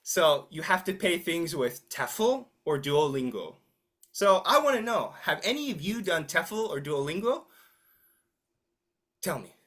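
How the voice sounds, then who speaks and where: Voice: mid-range voice, unhurried. Teacher on a video call, bouncy up-and-down voice, jokey, keeps asking the class stuff. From United States. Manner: lively, teasing, asks the class questions. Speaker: English teacher. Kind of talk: interactive online English class.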